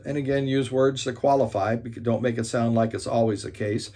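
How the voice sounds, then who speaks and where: Husky man giving a motivational talk. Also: mid-range voice, level tone, dark tone. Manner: earnest, stresses points slowly, restarts often. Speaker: speaker on conflict resolution.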